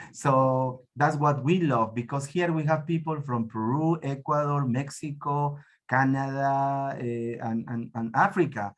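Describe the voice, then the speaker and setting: Male meeting organizer, Spanish first language, enthusiastic and friendly, average pitch, video call. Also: fairly even intonation, a little slow. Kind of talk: online meeting discussion.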